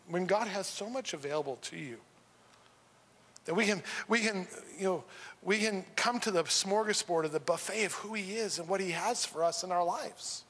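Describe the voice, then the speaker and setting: A man's voice: high voice, fairly quick, a bit bright. A man preaching a sermon in a church, talking in a loose, joking way with many restarts. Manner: conversational, humorous, with frequent restarts. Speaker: pastor. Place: church sanctuary. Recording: reverberant church hall.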